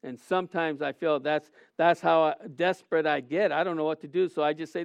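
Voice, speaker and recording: A middle-aged man preaching a sermon as a pastor, earnest, swinging between soft and loud with frequent restarts. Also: fairly high pitch, steady tone, a little fast, creaky, few pauses, no echo, dull audio.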